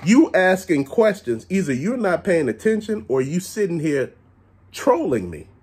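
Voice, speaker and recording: A man with a slightly husky voice rants straight to camera. His pitch swings up and down as he talks, and he is blunt and plain-spoken, cursing freely. His delivery is casual and unpolished. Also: a little slow. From Chicago area. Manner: animated, blunt, curses often. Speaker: vlogger ranting about stores. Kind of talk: casual profane rant.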